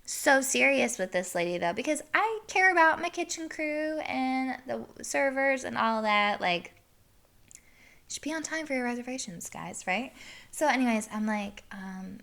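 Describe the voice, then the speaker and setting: Woman host, bright and chatty, casual anecdote with laughs and fillers. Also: a little high, animated, normal speed, gravelly. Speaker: podcast host. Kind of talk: casual storytelling.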